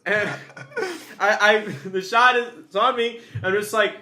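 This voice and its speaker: A man chatting casually as co-host, telling a story excitably, laughing and swearing. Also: high-pitched, measured pace, echoey room, slight background noise. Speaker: co-host, filmmaker. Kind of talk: casual chat.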